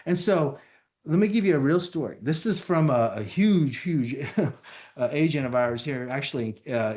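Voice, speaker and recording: A man giving an energetic training presentation as a company founder, talking directly to his audience. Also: mid-range voice. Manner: energetic, addresses audience as folks.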